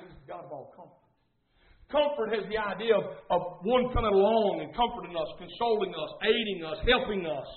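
A man preaching a sermon with fervor, repeating phrases and calling out to the congregation. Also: high voice. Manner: fervent, repetitive, calls out to the congregation. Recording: echoey, tinny phone-like sound.

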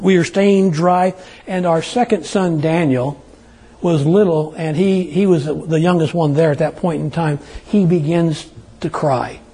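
Middle-aged preacher guy telling a homey story then praying, warm husky voice. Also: a little high. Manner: folksy, rambling storyteller who turns to earnest prayer. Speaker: pastor. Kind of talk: sermon with storytelling and prayer.

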